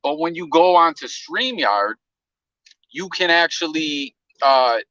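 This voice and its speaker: A man's voice: a little high, animated, takes it slowly, bright, forceful tone, no room sound, dull audio. A man hosting a casual live stream, telling stories loosely with slang and profanity.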